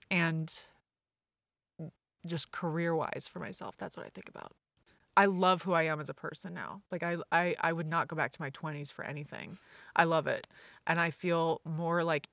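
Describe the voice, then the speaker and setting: A woman's voice: lowish voice, vocal fry, a bit bright, dry recording. A woman in her forties, a podcast guest speaking in a candid, rambling and emotional way. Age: 40s. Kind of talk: candid casual chat.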